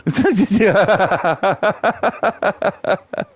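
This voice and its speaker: Streaming a game live, this middle-aged man tells casual, meandering stories laced with swearing and laughs at his own jokes. His high voice has lively intonation, drawn-out words and a breathy edge, recorded dry.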